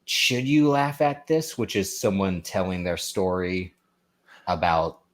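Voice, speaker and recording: A man's voice: low voice, expressive, takes it slowly. A man co-hosting a podcast, chatting casually and retelling comedy bits with lots of filler words. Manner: rambling, retells stand-up bits with many likes and ums. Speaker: podcast co-host. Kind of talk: casual chat.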